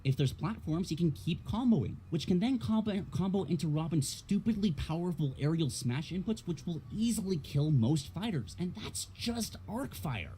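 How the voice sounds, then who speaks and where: A man's voice: high-pitched, animated, moderate pace, few pauses, mellow, slight background noise. A man reading a prepared game critique aloud on a stream, losing his voice, stressing key words and tripping over a few.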